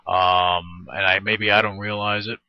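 A man's voice: sits low, little pitch movement, unhurried, muffled recording. A man hosting an interview show, talking in an earnest, rambling and encouraging way. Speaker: podcast host. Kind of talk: casual interview chat.

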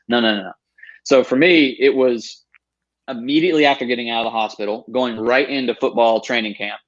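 A man's voice: medium pitch, steady tone, brisk. A man in his thirties, a guest telling his story with earnest emphasis and quoting what he said to himself. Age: 30s. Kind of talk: storytelling interview. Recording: dull lo-fi sound.

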